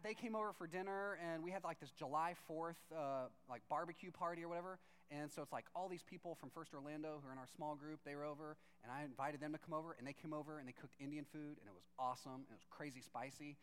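A man tells a long, animated story from the pulpit, slipping into each person's voice as he quotes them. His voice sits high for a man and comes across smooth and clean. He talks loosely, with "like" in nearly every line. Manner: animated, acts out both sides of conversations; chatty, leans on "like" as filler. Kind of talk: storytelling sermon.

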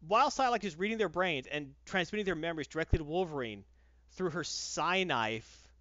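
A man's voice: fairly high pitch, expressive, fairly quick, bright, forceful tone, dry recording, lo-fi sound. A man reviewing a comic book in casual podcast chat, with sarcastic, exasperated ranting.

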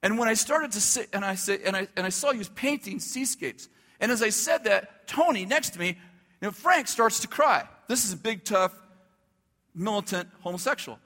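A male pastor telling a story in a sermon, animated, acting out the dialogue and laughing as he goes. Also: high-pitched, moderate pace, big-room sound.

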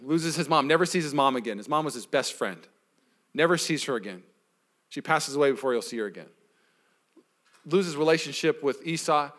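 A man pastor giving a sermon in a casual, conversational way, retelling a story and acting out its people. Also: on the high side. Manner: casual, conversational preaching with acted quotes.

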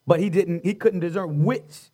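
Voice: mid-range voice, moderate pace, dark tone, husky. A co-leader in a Bible study who answers with frequent affirmations and adds their own thoughts. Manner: affirming interjections.

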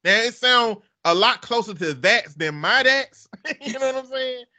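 Here the Alabama Southern man's voice is extremely high-pitched, though he speaks at a normal speed. He's animated and profane in casual chat, breaking into laughter often.

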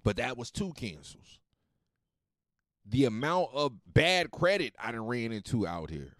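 Animated, profane man telling a story. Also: mid-range voice, a little slow, no room sound, clean studio sound. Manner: animated, profane, swings loud and soft. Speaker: podcast host. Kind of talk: casual storytelling monologue.

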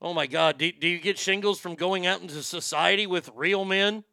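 A man's voice: high voice, normal speed, creaky, pushed and bright, no echo. A man hosting a talk show, delivering a sarcastic, dismissive monologue full of stumbling restarts. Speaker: podcast host.

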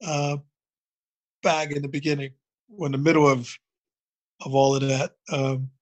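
A man's voice: mid-range voice, level tone, unhurried. A man from Baltimore, a drummer and guest in a casual interview, telling stories in a loose, rambling way full of "you know". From Baltimore, United States.

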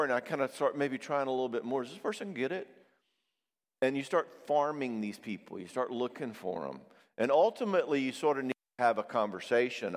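A man's voice: medium pitch, big-room sound. A man preaching in a loose, conversational way, acting out the quoted voices of people he describes. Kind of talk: sermon.

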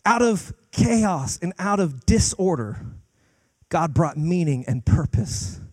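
A young adult man preaching a sermon as a guest pastor, emphatic, with fast bursts and slow drawn-out lines, often repeating words as he starts sentences. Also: a little high, expressive, slightly rough, no echo.

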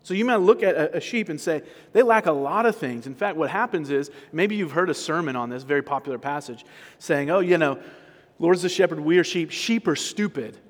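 A man's voice: a little high, lively intonation, fairly quick. Male pastor preaching in a reverberant hall. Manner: conversational preaching with frequent restarts and rhetorical questions. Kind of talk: sermon. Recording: sermon recorded in a large reverberant hall.

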